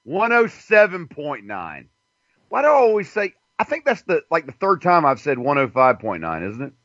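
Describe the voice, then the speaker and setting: A man's voice: medium pitch, wildly swooping pitch, moderate pace, a bit bright, dry recording. A man hosting a talk radio show, rambling and crude, with a joking manner. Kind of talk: casual talk radio monologue. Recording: dull dry lo-fi sound.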